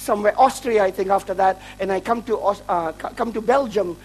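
High-voiced joking male preacher. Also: brisk, poor audio. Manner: joking, self-mocking storyteller who laughs at his own lines. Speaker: traveling preacher. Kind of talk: humorous testimony sermon.

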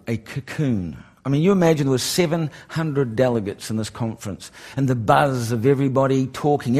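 A middle-aged man telling a testimony in a sermon, animated and repetitive, building to excited emphasis. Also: mid-range voice. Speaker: preacher.

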